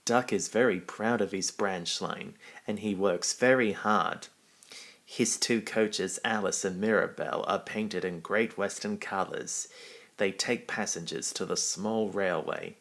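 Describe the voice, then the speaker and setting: Man, deep voice, slow storybook reading, gentle and unhurried.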